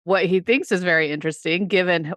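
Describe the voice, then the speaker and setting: A woman's voice: fairly low pitch, quick pace, a bit bright, no room sound, clean studio sound. A woman co-hosting a podcast in casual chat, a coach who laughs often and talks with many fillers.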